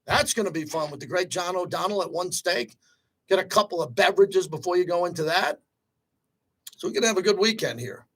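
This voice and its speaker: A man hosting a sports talk radio show, talking in an energetic, rapid-fire, conversational way. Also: sits high.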